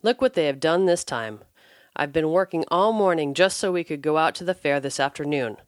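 A woman's voice: low-pitched, animated, normal speed, no room sound. A woman voicing an upset mother of three young boys, speaking in a dry, close-up reading voice. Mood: angry. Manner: cries out, then turns soft and regretful.

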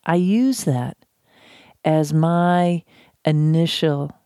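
A woman giving a measured, reflective talk on handling conflict, pausing often and repeating phrases for emphasis. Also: low voice, dark tone, no echo, studio quality. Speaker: speaker on conflict de-escalation. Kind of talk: talk on civility.

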